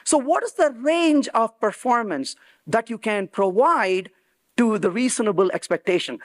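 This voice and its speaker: A man's voice: sits high, lively intonation, normal speed. A man giving a technical conference talk in an emphatic way, acting out quoted dialogue. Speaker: conference speaker. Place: conference venue.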